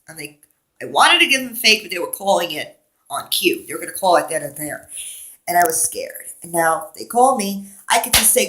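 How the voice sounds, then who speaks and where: A woman's voice: lowish voice, expressive, normal speed, bright, forceful tone. A woman vlogger in a rambling, digressive monologue, talking candidly and a little wheezy.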